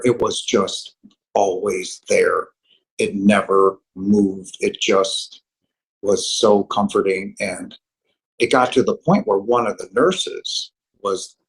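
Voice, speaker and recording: Low husky male voice, earnest halting testimony, personal storyteller. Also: low-quality recording. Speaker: guest telling a near-death story.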